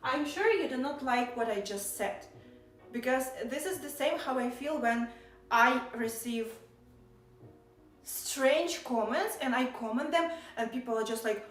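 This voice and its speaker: Woman streamer, blunt and irritated, slightly high voice, roomy echo. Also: unhurried. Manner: blunt, irritated, lecturing chat. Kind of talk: casual live stream chat.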